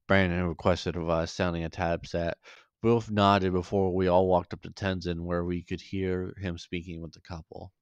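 A man's voice: deep voice, steady tone, moderate pace, clear, resonant tone, no room sound, muffled recording. A man reading a fan fiction story aloud, voicing every character in his own voice, with small slips as he reads. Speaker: story reader.

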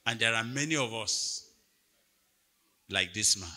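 A man preaching a sermon at a retreat, telling a story with big swings between quiet asides and loud, near-shouted peaks. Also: lowish voice, measured pace. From Nigeria. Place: large hall at a retreat. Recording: long hall reverb from a church PA.

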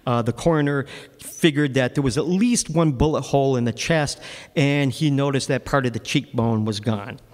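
A man's voice: medium pitch, moderate pace, a little mellow, in a large hall. A man, a local author, giving a book talk and telling a story with casual, wry asides and plenty of ums and uhs. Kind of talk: storytelling lecture to an audience.

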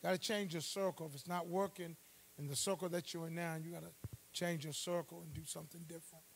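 High gravelly preacher guy, call and response, gets loud in church. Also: fairly even intonation, fast, slight background noise. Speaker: pastor. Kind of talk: Bible study sermon.

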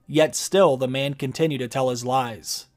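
Man narrating a video essay, measured. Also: mid-range voice, steady tone.

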